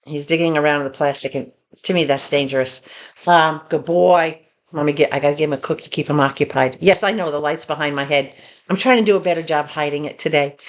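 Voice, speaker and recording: An older woman, chatting casually in a home haul video, telling stories and talking to her dog. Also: lowish voice. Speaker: vlogger.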